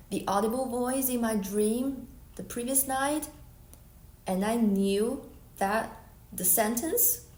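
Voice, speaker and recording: A woman, telling her faith testimony in an earnest, unscripted way with many restarts and soft asides. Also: mid-range voice, roomy sound. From Shanghai, China. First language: Chinese. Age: 40s. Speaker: Christian artist giving a testimony.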